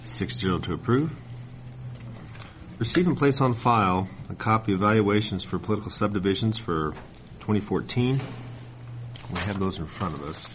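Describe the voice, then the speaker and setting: A man chairing a county board meeting, brisk and procedural with a dry sense of humor. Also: on the low side, a bit bright, a little hiss or hum. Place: public meeting room.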